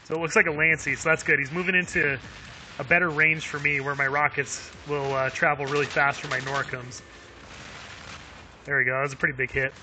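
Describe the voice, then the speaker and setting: A man's voice: fairly high pitch, little pitch movement, a little fast, pushed and bright, a little hiss or hum. A man streaming a video game live, chatting upbeat with viewers, laughing often and using lots of fillers. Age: adult with young kids. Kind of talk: live gameplay commentary.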